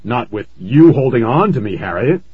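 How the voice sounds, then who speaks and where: A man voicing an angry father who scolds and shouts warnings, on a dull, lo-fi recording. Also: mid-range voice, big pitch swings, normal speed, breathy edge, no room sound. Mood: angry stern.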